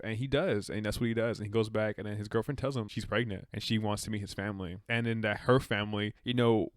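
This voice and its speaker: A man giving a casual movie review rant, excitable and profane, rambling with restarts and self-corrections. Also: lowish voice, quick pace, few pauses, no echo, clean studio sound.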